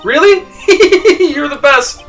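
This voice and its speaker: A man's voice: high-pitched, lively intonation, fast, sharp tone, recorded from a distance, soft background music, exaggerated voice. Man doing a squealing, bubbly young circus girl. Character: perky, carefree young woman animal tamer. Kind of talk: voicing game dialogue on a live stream.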